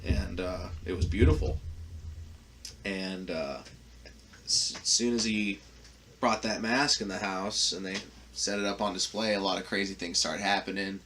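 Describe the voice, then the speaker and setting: A man with a fairly low voice tells a story on a podcast, loose and profane, full of ums and likes. A faint background hum runs under the recording. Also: steady tone, a little slow, sharp tone. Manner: profane, rambling storyteller with frequent fillers. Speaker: podcast host. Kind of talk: casual storytelling.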